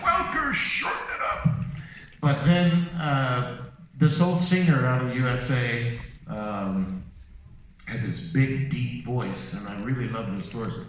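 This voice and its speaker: An older man tells stories at a convention panel, rambling and animated. He is heard from a distance across a very echoey hall with a faint hum of noise. His pitch sits in the middle range. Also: slow pace. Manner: animated, rambling, slips into voices. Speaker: voice actor, panel guest. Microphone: handheld mic, filmed from the audience.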